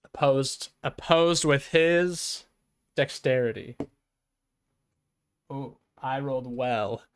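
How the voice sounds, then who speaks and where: A man's voice: medium pitch, slow, clear, resonant tone, no echo, studio quality. A man narrating as game master for a tabletop game, talking hesitantly with fillers and restarts.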